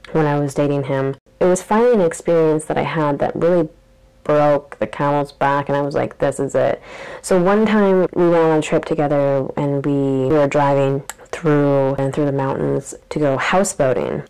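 A woman's voice: low voice, creaky, darkish tone, poor audio. A young adult woman vlogger in a casual, chatty storytelling monologue, full of "like" and acted-out quotes. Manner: chatty, peppered with "like", acts out quotes.

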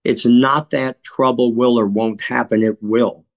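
Chicago guy being interviewed, mid-pitched voice, slow earnest storytelling, keeps clearing his throat. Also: steady tone. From Chicago, USA. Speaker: guest.

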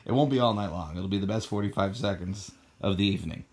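A man's voice: low voice, quick pace, darkish tone. A man vlogging at home in casual family banter, cracking crude jokes and puffing for breath between lines. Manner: crude joking, breathless from exercise.

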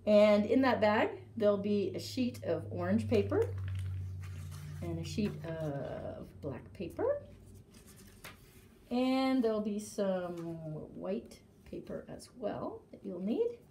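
A woman with a medium-pitched voice reading a children's story aloud with lively expression. She sounds like a librarian at storytime, recorded in a library, walking kids through a simple craft. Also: slow pace, a little hiss or hum.

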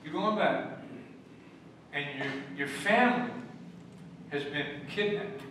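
A male pastor preaching a sermon and telling stories, his voice swinging from loud emphasis to hushed tones. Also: a little high, animated, takes it slowly, background noise. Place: church sanctuary. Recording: echoey church hall from far off.

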